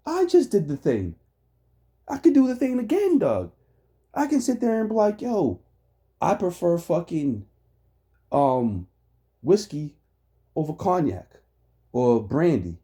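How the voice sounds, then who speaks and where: A man's voice: very high-pitched, dark tone. A man giving heated, profane reaction commentary on a debate clip, ranting and laughing often.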